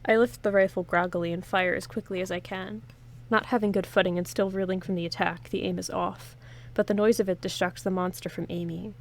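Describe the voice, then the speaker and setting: Speaking in a steady, low-leaning voice at a brisk clip, a woman reads an interactive story game in first person and gives the narration a dramatic push. Every so often she breaks away to chat and joke with her viewers, then returns to the story.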